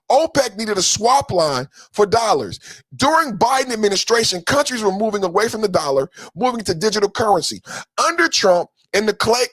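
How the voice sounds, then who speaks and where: A man's voice: high voice, dry recording. A man hosting a podcast, delivering an emphatic political commentary rant with taunting, sing-song jabs. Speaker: podcast host.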